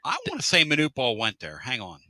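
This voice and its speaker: A middle-aged man hosting a casual sports radio show, joking, with loud outbursts and drawn-out catchphrases. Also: medium pitch, wildly swooping pitch, dry recording.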